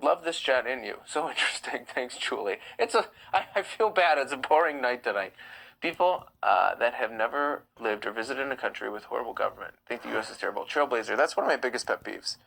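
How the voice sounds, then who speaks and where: A man's voice: mid-range voice, lively intonation, fast talker, creaky, pushed and bright, rough recording. A man hosting a live stream, reading chat comments aloud and answering them bluntly. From United States. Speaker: livestream host.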